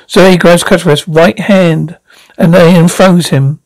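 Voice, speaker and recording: A man's voice: high voice, steady tone, slow, no room sound, poor audio. A man reading stage directions aloud in a plain way, with slips and restarts. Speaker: reader.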